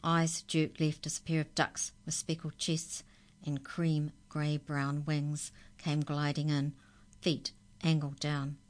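A woman calmly reading a children's story aloud. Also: low-pitched, slow.

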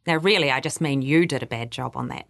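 A woman's voice: very deep voice, fast talker, gravelly, a bit bright, no echo, studio quality. A woman with a New Zealand accent, answering interview questions as a workplace culture adviser, explaining patiently. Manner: explanatory, quotes others in livelier voices.

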